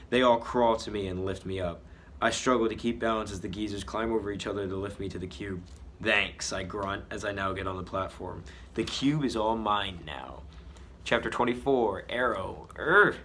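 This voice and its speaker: A man's voice: fairly low pitch, a bit bright, a little hiss or hum. A man reading a story he wrote as a child, joking about the spelling and the drawings as he goes. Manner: mocking his own old writing. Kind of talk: comedic read-aloud with commentary.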